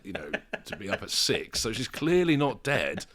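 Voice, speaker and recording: A man, a father co-hosting a podcast, talking frankly with swearing and halting restarts. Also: on the low side, very animated, a bit bright. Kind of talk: candid podcast chat.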